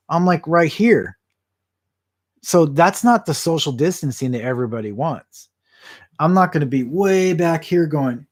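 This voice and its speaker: A man's voice: fairly high pitch, moderate pace. A man talking casually to a camera about four feet away, rambling and restarting his sentences often. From Southern California. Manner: rambling, frequent restarts and stammered repeats.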